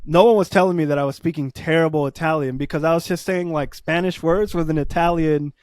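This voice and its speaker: A man co-hosting a podcast in casual chat, excitable and quick to laugh. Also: fairly high pitch, no echo, studio quality. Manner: excitable, laughs often, fast bursts. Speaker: podcast co-host.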